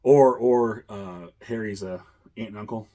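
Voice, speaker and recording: A man's voice: on the low side, unhurried, mellow. A man hosting a casual chat, rambling with many fillers and chuckles. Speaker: host.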